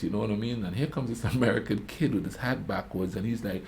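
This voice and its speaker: Male reaction host, low mellow tone, laid-back rambling storyteller. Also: expressive, fast talker, vocal fry, hardly any pauses. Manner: rambling anecdotes, frequent "you know what I mean"; calls himself a quiet talker. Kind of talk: casual storytelling commentary.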